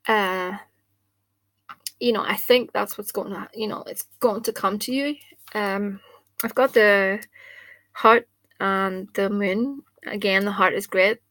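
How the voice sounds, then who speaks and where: Woman doing a card reading at her table, chatty, pretty flat delivery, dry sound. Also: medium pitch, slow pace, long pauses, no room sound. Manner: chatty and informal, thinking aloud. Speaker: spell caster and card reader. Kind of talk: casual talk to camera. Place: indoors at a table. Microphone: camera mic.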